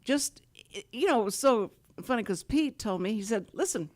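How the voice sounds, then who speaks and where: A woman's voice: a little high, lively intonation, normal speed. A woman from Houston hosting a talk show, rambling and laughing often as she chats with guests. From Houston, Texas. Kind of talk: casual chat. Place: radio studio.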